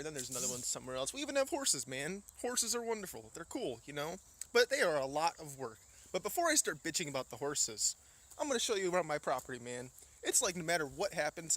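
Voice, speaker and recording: A man's voice: a little high, fairly bright tone. A young man from Indiana, out of breath, profanely complaining in a casual vlog as he walks around a farm outdoors. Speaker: vlogger. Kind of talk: casual vlog walk-through, ranting. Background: faint insects and crickets.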